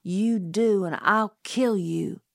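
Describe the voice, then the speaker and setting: A woman's voice: mid-range voice, takes it slowly, gravelly, no room sound, clean studio sound. A woman voicing an anxious young girl in an audiobook, pleading and pressing hard. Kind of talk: audiobook character voice.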